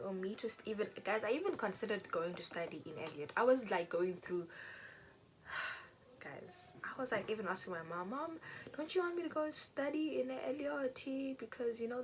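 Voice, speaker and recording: A young woman from South Africa, chatting while doing her makeup and telling a personal story, acting out quotes in a raised voice. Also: on the high side. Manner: animated, acts out quotes in a raised voice. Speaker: beauty vlogger. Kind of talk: chatty get-ready-with-me storytelling.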